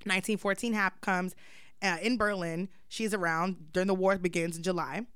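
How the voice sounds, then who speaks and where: A young adult woman hosting a podcast, telling a story in lively, profane slang. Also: on the low side, moderate pace, clean tone, no room sound, clean studio sound. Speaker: podcast host. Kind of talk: casual chat, storytelling.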